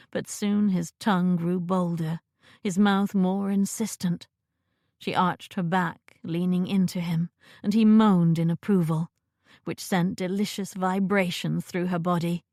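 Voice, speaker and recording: Gravelly woman narrating a romance audiobook. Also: fairly low pitch, fairly even intonation, measured pace, darkish tone, no room sound, clean studio sound.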